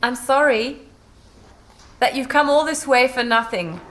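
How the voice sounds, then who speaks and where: A woman's voice: high-pitched, lively intonation, a little slow, a bit bright. An actress playing an earnest young woman in a documentary reenactment. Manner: earnest, pleading. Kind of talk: reenactment acting.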